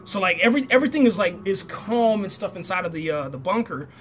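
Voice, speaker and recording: A man's voice: sits high, lively intonation, fast, fairly bright tone, slight background noise. A man giving a casual, slangy recap of a TV episode, acting out the characters' lines as he goes. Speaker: show reviewer.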